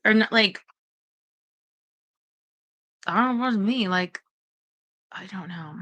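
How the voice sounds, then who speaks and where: A woman's voice: mid-range voice, moderate pace, creaky, long pauses, bright, forceful tone. A woman rambling anxiously in casual livestream chat, talking straight to her viewers.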